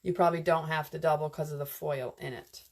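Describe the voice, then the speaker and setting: A woman with a lowish voice leads a casual live tutorial on wreath making. She rambles and chats freely, answering viewers' comments as she works. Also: steady tone, fast talker.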